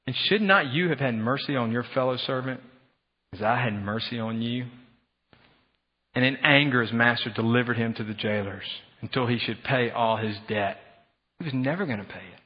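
A husky male pastor preaches in a big church hall, and his voice trails off into a long reverb. He is animated and slips into other people's voices to make his point. The sound is slightly dull. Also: mid-range voice, moderate pace. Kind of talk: sermon.

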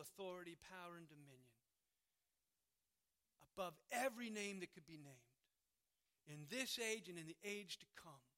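A male pastor delivering a sermon with a high, bright voice. He is emphatic and pushes key words out loudly before dropping back to a quieter tone. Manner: emphatic, swells loud on key words then drops quiet.

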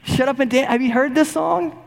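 A man voicing his excited little daughter, eager and insistent, heard with long hall reverb. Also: very high voice, brisk, creaky, pitched above the performer's own voice. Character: excited little girl explaining a song.

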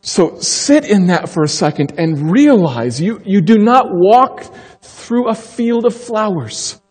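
A man preaching a sermon as pastor, emphatic and slowing down to stress key phrases. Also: sits high, lively intonation, a little mellow, breathy edge, big-room sound.

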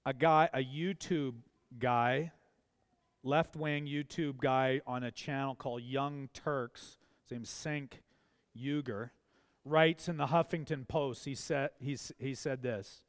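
A man's voice: medium pitch, steady tone, slow pace. A man preaching a sermon, earnest and asking pointed, emphatic questions. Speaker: pastor. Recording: long hall reverb.

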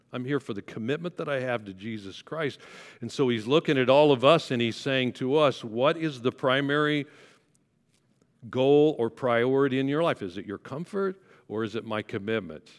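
A man's voice: medium pitch, normal speed. Male pastor, conversational sermon delivery, mid-range voice, sanctuary reverb. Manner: conversational preaching with rhetorical questions.

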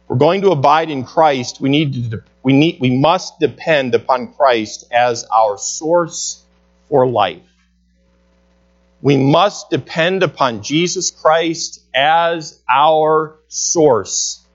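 A man preaching a sermon, earnest and emphatic, slowing down to stress key phrases. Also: a little high, lo-fi sound. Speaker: pastor.

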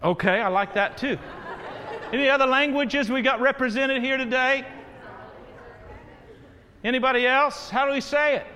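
A man with a high-pitched voice preaches a sermon, urging his congregation and building to loud calls. His voice rings through a large church hall with a long reverberant tail. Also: normal speed, pauses often. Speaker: pastor.

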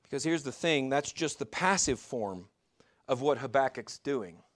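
A pastor with a mid-range voice and lively intonation preaches a sermon at normal speed. His style is conversational: he poses rhetorical questions to his listeners and sometimes stumbles and restarts.

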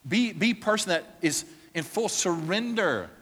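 A man preaching a sermon as a pastor, with impassioned prayer that builds toward shouting. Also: high-pitched, expressive, normal speed, husky. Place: church. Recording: long reverb of a church hall.

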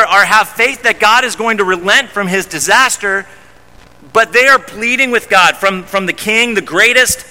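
A male pastor delivers a sermon in a high, very bright voice, pressing his points with emphasis and often restarting his phrases. His voice rings out in a church hall with a long reverb trailing behind it. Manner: emphatic, repeats words when starting phrases.

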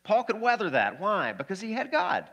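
A man preaches with lively, conversational energy, turning often to his congregation with questions. His voice sits a little high and rings bright and forceful. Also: normal speed, creaky, muffled recording. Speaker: pastor. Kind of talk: sermon.

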